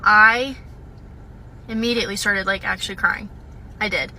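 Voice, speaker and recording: Speaking to the camera about something personal, a young university student hesitates often, peppering her story with "um" and "like." She has a bright, forceful, medium-pitched voice with a steady tone at normal speed, on poor audio with a little hiss or hum.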